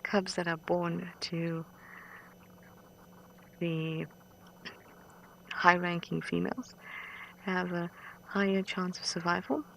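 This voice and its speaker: A woman working as a safari guide, giving soft, fond live wildlife commentary from a vehicle outdoors and often dropping to a whisper. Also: lowish voice, fairly even intonation, slow, creaky, pauses often, slight background noise, low-quality recording. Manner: soft and fond, drops to a whisper near the animals.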